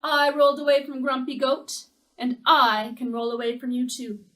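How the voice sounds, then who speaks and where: A woman's voice: high-pitched, level tone, normal speed, bright, forceful tone, recorded from a distance. Woman voicing a boastful runaway pancake. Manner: proud, sing-song repeating.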